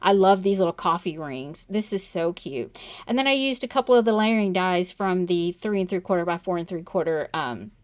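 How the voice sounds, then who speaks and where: A woman's voice: fairly low pitch, expressive, moderate pace. A woman hosting a casual crafting video, chatting bubbly and self-deprecating as she shows products at her desk at night. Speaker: crafting channel host.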